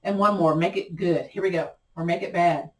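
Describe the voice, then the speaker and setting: A woman's voice: on the low side, normal speed, echoey room, far from the mic. Chatty woman guiding a yoga class. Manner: encouraging, chatty, repeats cues. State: voice cracking a little. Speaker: yoga instructor. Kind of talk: guided yoga class instruction.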